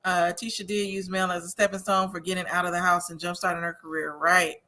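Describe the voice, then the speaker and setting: Woman host from Wisconsin, casual recap chat, bright voice, opinionated and quick to laugh. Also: on the low side, flat delivery. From Wisconsin, USA. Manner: chatty, laughs often, opinionated. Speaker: host of a TV recap show reading viewer comments.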